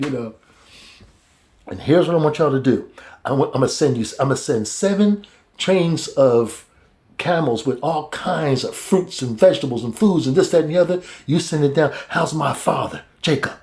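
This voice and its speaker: Animated man retelling a Bible story. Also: moderate pace. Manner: acts out characters in high excited voices, laughs often. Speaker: Bible study teacher.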